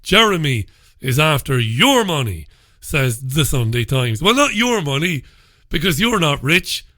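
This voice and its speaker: Talk show host, male, sarcastic newspaper commentary, bright voice, dry close sound. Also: on the high side, big pitch swings, unhurried, no echo. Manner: sarcastic and mocking, laughs at his own stories; blunt and profane. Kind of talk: solo commentary reviewing newspapers.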